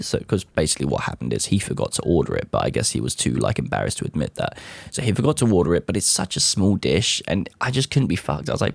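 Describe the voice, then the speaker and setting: Young man, very deep voice, gravelly, lively swinging delivery, swearing storyteller. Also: quick pace, no echo. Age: 20s. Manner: profane, laughing, animated storytelling. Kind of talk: casual storytime rant.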